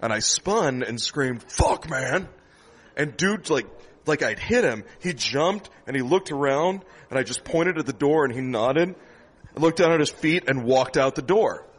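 A man, a stand-up comedian, telling a lively after-show story in a comedy club, laughing often and acting out the people in it. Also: mid-range voice, moderate pace, slightly rough. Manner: animated storyteller, laughs often, acts out voices.

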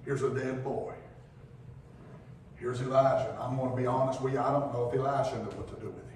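Pastor preaching in an echoey church. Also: male voice, fairly even intonation, fast talker, slight background noise. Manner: preaching with swings from loud calls to hushed low passages. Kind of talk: sermon. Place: church sanctuary. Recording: very echoey church heard from a distance.

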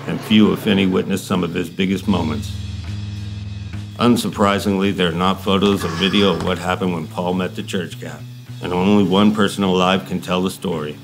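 A man giving a measured, matter-of-fact scripted narration for a documentary. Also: sits low, gravelly. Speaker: narrator of the introduction. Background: guitar music.

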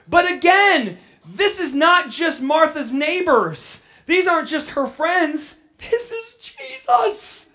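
Woman, pastor, sermon, high voice, bright tone, animated, repeats words. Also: slow pace. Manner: drops to a soft, low reflective tone.

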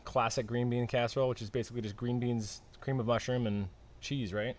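Man, casual live-stream co-host, loose musing delivery, mid pitch. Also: fairly even intonation, fairly quick. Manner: loose, musing, trails off and restarts. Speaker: podcast co-host.

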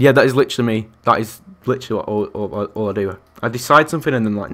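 In this live gameplay commentary, a young man with a brisk, medium-pitched, slightly bright voice counts aloud and responds to his viewers and fellow players as he streams.

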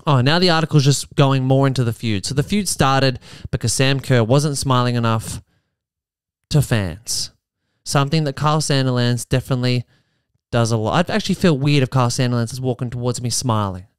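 A man's voice: medium pitch, fairly quick, clear, resonant tone, dry recording, clean studio sound. A man hosting a comedy podcast, sarcastically riffing on a news article and slipping into mock voices.

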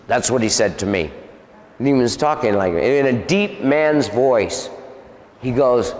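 A man preaches in a middle-pitched voice, telling his story with animated delivery, sound effects and lots of repeats. The sound bounces around a large hall with a long reverb. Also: measured pace, slight background noise. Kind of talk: sermon testimony.

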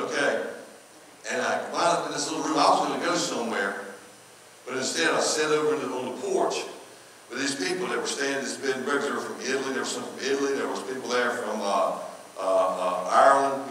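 A man's voice: medium pitch, pushed and bright, slight background noise. A man from North Carolina with a Southern accent, preaching a sermon in a folksy storytelling way and repeating phrases for emphasis. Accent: Southern American. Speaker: pastor. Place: church sanctuary. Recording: echoey church hall from far off.

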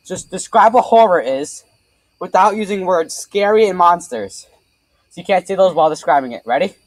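A man's voice: high voice, lively intonation, dry recording, poor audio. A man playing a party game and bantering, teasing and arguing about points, picked up on a laptop mic at home. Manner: teasing, competitive, quick to argue. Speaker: game player. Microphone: laptop webcam mic.

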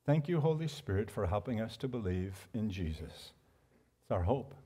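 A man preaching a sermon as pastor, swinging between hushed, reflective lines and loud, animated outbursts. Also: on the low side, moderate pace, husky. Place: church sanctuary.

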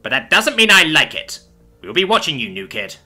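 A man's voice: fairly high pitch, wildly swooping pitch, fairly quick, sharp tone, soft background music, full character voice. A man voicing a strict, petty, rooster-like alien school prefect in a storybook reading. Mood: officious. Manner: stern, officious.

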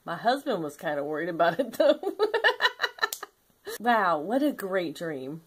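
A woman's voice: on the low side, very animated, moderate pace, husky. An older woman vlogging in a casual, playful storytelling way, laughing often.

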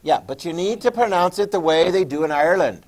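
A man's voice: high-pitched, lively intonation, a little fast. A man teaching a history class, talking casually and checking in with his students often. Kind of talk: classroom lecture.

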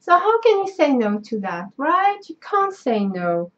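Slow, gushing French-accented woman. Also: high-pitched, big pitch swings, dull audio. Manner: effusive, sentimental, gushing thanks. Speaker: craft vlogger. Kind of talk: casual unboxing chat.

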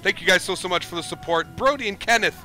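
A man's voice: sits high, lively intonation, fast, sharp tone, soft background music. A man streaming a flight simulator, chatting casually with viewers, thanking them and reading their chat messages aloud. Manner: casual and upbeat, chatty, calls viewers dude.

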